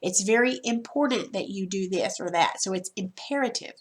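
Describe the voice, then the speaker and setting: A woman teacher records a grammar lesson for her students at a computer. She talks to them directly in a loose, chatty way, repeating points and restarting sentences as she goes. Her voice sits at an ordinary middle pitch. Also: normal speed. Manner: repeats and restarts while explaining.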